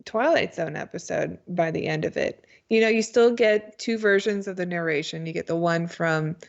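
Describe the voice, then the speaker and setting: Low-voiced woman on a dull, lo-fi mic. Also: moderate pace, vocal fry. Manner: hesitant, laughs while critiquing. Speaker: podcast co-host reviewing TV. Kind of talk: casual review chat. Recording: dull lo-fi sound.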